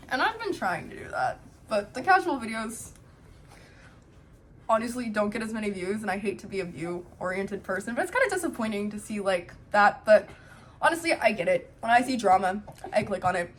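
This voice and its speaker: A young woman vlogging at home, talking openly and thoughtfully with lots of casual fillers. Her voice sits at an ordinary middle pitch, and a faint hum of noise runs under the recording. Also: animated, a little fast. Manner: candid, reflective, many "um" and "like" fillers. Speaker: family vlogger. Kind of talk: casual talk to camera. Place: home, with a baby in her arms.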